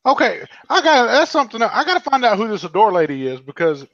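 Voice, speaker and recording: A man chatting casually on a vape livestream, joking loudly and drawling in slang. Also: sits high, very animated, fast, no echo, dull audio. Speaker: vape channel host guest.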